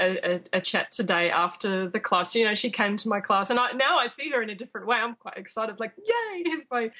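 A woman telling a story in casual chat, animated and laughing, acting out what people said. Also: medium pitch. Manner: animated, acts out quotes, laughs often.

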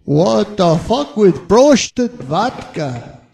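A man's voice: high-pitched, big pitch swings, very slow, creaky, a little mellow. A man ranting profanely as he comments on music, mocking, and stretching out repeated questions. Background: faint guitar playing.

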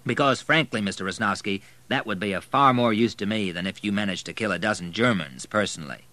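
Energetic male army general, commanding and loud, voiced by a male audiobook reader. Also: on the low side, quick pace, no room sound. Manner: commanding, raised voice.

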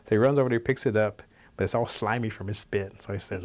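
A man telling a traditional animal folktale aloud, in a relaxed, animated, conversational way. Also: on the low side, quick pace. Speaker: storyteller.

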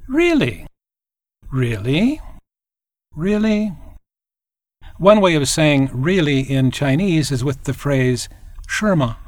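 A man narrating a scripted language lesson, explaining clearly and demonstrating tones. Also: fairly high pitch, dry recording.

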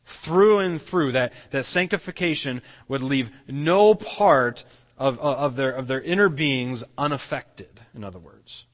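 A man's voice: mid-range voice, animated, a little slow, a bit bright, big-room sound. A man preaching a sermon as pastor, earnest, often restarting and repeating words as he explains. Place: church sanctuary.

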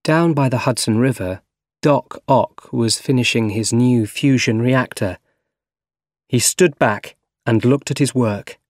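Slow, measured male storyteller. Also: medium pitch, a little mellow, dry recording, studio quality. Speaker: narrator. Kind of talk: scripted story reading for learners.

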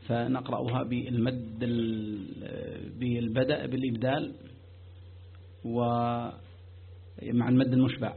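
Man teaching tajweed super fast, tinny phone-line sound, bit of hiss. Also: medium pitch. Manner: rapid, with frequent filler sounds. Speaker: Quran recitation teacher. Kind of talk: reading and explaining a tajweed book in a lesson. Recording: tinny phone-like recording with faint noise.

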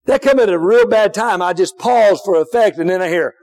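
A man preaching a sermon in a church, dropping to a hush and then rising to shouts, with folksy asides to the congregation. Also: high voice, fairly quick. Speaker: pastor. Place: church sanctuary.

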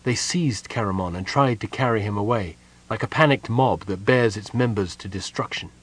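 A man narrating a fantasy audiobook in a steady, measured storytelling manner. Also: lowish voice, husky.

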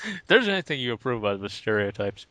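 A man's voice: medium pitch, very animated, fast talker, sharp tone, no room sound. A man co-hosting a podcast, joking along and laughing often in casual banter. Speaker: podcast co-host.

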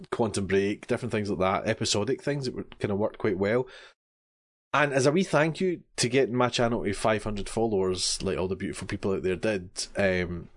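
A man with a Scottish accent co-hosting a podcast, friendly and chiming in often. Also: on the low side. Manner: friendly, quick to laugh and chime in. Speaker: podcast co-host. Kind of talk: casual chat.

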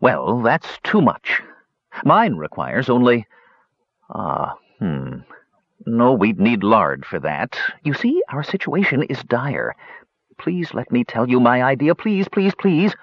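A man voicing an excitable young male kender who whines and pleads, in a dull lo-fi recording. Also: mid-range voice, slow, husky, no echo, exaggerated voice. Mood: pleading.

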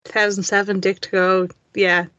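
A woman's voice: mid-range voice, level tone, moderate pace, fairly bright tone, no echo. Dry-voiced woman, teasing co-host. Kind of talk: casual chat. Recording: dry, dull lo-fi audio.

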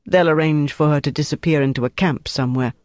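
A reader voicing a calculating German officer, speaking in a measured, coolly menacing way. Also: male voice, on the high side, fairly even intonation, no echo, clean studio sound, close to an everyday voice. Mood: cold, measured. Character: cold, calculating German officer interrogating a prisoner.

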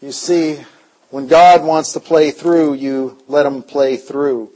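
A man preaching a revival sermon, telling stories in an animated way, his voice swinging between loud and hushed. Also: a little high, takes it slowly. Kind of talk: storytelling sermon.

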